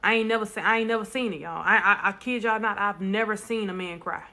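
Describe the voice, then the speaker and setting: A woman's voice: mid-range voice, quick pace, bright, forceful tone. A woman speaking bluntly and emphatically to viewers in a casual live stream, repeating lines for stress. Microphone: phone.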